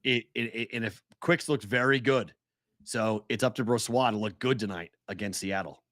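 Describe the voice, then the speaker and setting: A man co-hosting a sports betting podcast in casual chat, animated and laughing as he retells games. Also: lowish voice, normal speed, no room sound, studio quality.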